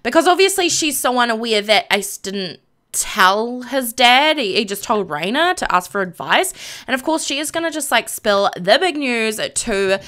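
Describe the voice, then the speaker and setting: A woman's voice: fairly high pitch, lively intonation, normal speed, fairly bright tone. Bubbly young woman narrating a stream. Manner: bubbly, giggly, full of "like" and "um". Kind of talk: casual live-stream narration of a life-sim game.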